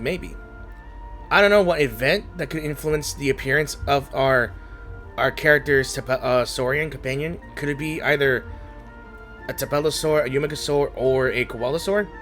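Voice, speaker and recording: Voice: medium pitch, normal speed, fairly bright tone, soft background music. A gaming host commenting on a story game in a casual, rambling, unsure way, often trailing off and restarting thoughts, emotional and close to tears. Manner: emotional, says they feel like crying.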